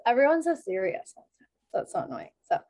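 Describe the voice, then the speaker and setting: A woman in her thirties tells stories in relaxed podcast chat, often breaking into laughter. Her voice sits slightly high, and she talks in a loose, chatty flow. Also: brisk, dry recording. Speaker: podcast guest. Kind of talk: casual chat.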